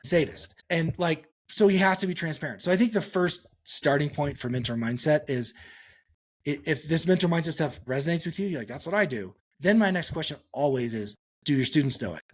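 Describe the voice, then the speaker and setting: A male psychologist answering interview questions on a podcast, telling stories and acting out quotes with sudden pitch jumps. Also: fairly quick. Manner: animated storytelling, acts out quotes with pitch jumps. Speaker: psychologist guest.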